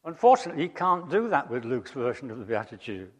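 A man preaching a sermon, emphatic, rising to loud high peaks and dropping to quiet asides. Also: very animated, fast. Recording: long hall reverb.

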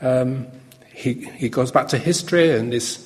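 A man preaching a sermon in a relaxed, conversational way, often pausing and restarting his sentences. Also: medium pitch. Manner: conversational, halting with fillers and restarts. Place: church hall. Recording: long hall reverb.

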